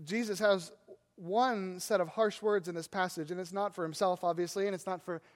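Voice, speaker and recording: Brief: male pastor, very high voice, animated sermon delivery, long church-hall reverb. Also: moderate pace. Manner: animated preaching with rhetorical questions.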